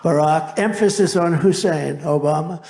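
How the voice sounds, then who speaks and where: A man's voice: fairly high pitch, normal speed, darkish tone, lightly acted. A man putting on a male radio host's show opener, in a mocking way and leaning on one name.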